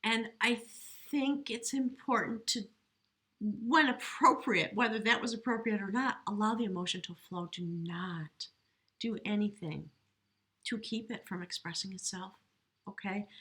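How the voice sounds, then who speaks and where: A woman giving an earnest, emotional tarot reading at home, talking slowly and reflectively, at times choked up. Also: mid-range voice, sharp tone. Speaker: tarot reader. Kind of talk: spiritual tarot reading to camera. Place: home, near a window.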